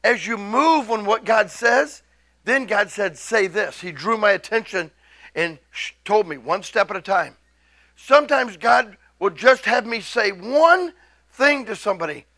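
A middle-aged man preaching a sermon, excitable, swinging from hushed asides to loud, drawn-out scripture readings. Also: high voice, no room sound.

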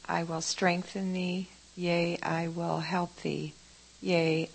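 A woman in the congregation reading Bible verses aloud, with a husky, creaky voice. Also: fairly low pitch, rough recording. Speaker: congregation member reading scripture. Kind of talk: slow scripture reading.

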